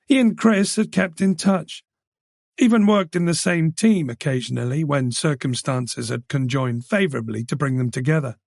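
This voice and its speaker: A man narrating a crime thriller in a measured, even way. His voice sits a bit high for a man and has a gravelly texture. The recording is close and dry. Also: no room sound. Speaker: audiobook narrator. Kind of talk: scripted narration.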